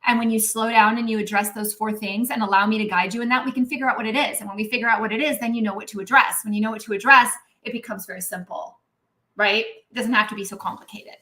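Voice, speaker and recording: Animated, bright-voiced woman doctor on a live stream. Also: medium pitch, fast talker. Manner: chatty and animated, acts out inner voices; frequent "um" and "right?" tags. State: clearing her throat, mucus from coffee. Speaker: naturopathic doctor hosting a live Q&A.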